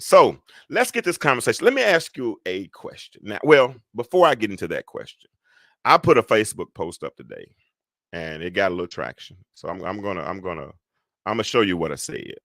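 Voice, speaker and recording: A man hosting a live call-in talk show, rambling and animated, swinging between loud and soft talk. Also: deep voice, creaky, no room sound, studio quality.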